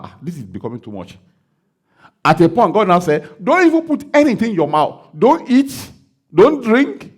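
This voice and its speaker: A Nigerian man, a pastor, preaching a sermon and acting out the dialogue of a story he tells, breaking into loud declarations. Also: medium pitch, creaky.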